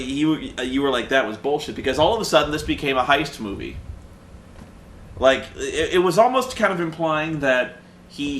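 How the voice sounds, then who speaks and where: A man's voice: mid-range voice, a bit bright, roomy sound, a little hiss or hum. A man who is a movie reviewer, chatting casually and animatedly with his brother, stammering and acting out quotes from the film.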